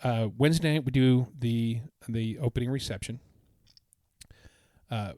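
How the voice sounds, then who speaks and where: A man's voice: mid-range voice, a little slow, a little mellow, no room sound, studio quality. A man co-hosting a podcast, recounting his trip in a casual, enthusiastic, rambling way. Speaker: podcast co-host. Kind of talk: casual chat.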